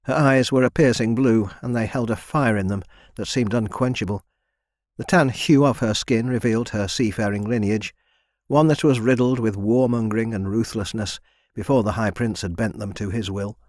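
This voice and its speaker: Low-voiced male audiobook narrator. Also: no room sound, clean studio sound. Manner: even and measured. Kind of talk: scripted narration.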